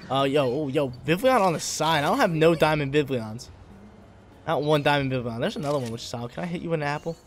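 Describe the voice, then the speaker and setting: A man's voice: a little high, lively intonation, quick pace, a little hiss or hum. A man giving casual, hyped gameplay commentary, talking in slang and laughing often.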